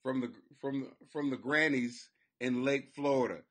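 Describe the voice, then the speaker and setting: A man hosting a comedy podcast, talking rowdy and profane, often breaking into shouts and silly voices. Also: medium pitch, fairly even intonation, measured pace. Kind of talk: rowdy comic commentary. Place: home basement.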